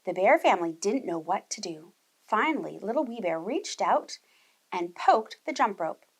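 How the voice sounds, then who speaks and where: A woman teacher reading a storybook aloud to young children, animated and talking to them directly. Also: medium pitch, moderate pace, breathy edge, low-quality recording.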